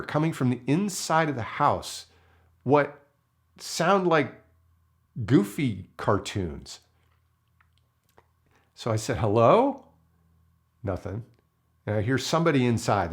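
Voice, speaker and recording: A filmmaker telling a story to camera in an animated way and acting out the people in it. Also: male voice, fairly low pitch, unhurried, creaky, pauses often.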